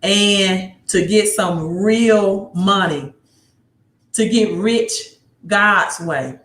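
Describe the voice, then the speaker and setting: A woman with a Mississippi accent hosting a casual livestream, talking excitedly, repeating herself and answering viewer comments. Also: medium pitch, drawn-out words. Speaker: livestream host. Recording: roomy echo.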